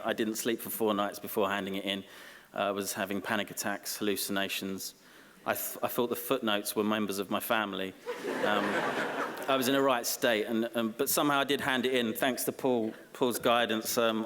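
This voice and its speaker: Low-voiced man in a reverberant hall. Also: a bit bright, a little hiss or hum. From Essex, England. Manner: self-deprecating, dry, halting with ums. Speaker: honorary graduate giving an acceptance speech. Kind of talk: comic ceremony speech. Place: large graduation ceremony hall.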